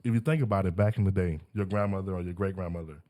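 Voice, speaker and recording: A man hosting a podcast in casual chat, animated and slangy, laughing often. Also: low voice, racing.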